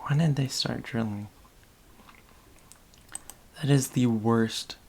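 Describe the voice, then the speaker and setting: A man's voice: medium pitch, slow, a little mellow, slight background noise. A man with a Boston accent, a podcast host rambling distractedly and muttering to himself while he works on a casual livestream.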